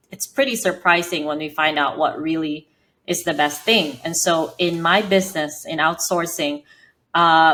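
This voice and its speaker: A woman's voice: on the low side, a bit bright. A woman from the Philippines with a Filipino accent, answering interview questions in an earnest, explanatory way with frequent fillers. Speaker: podcast guest, business founder.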